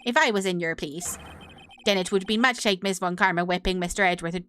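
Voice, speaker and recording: A woman's voice: on the low side, steady tone, brisk, a bit bright, slight background noise, lightly acted. A woman doing a doddering old judge. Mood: mild. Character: doddering old male judge, easily swayed.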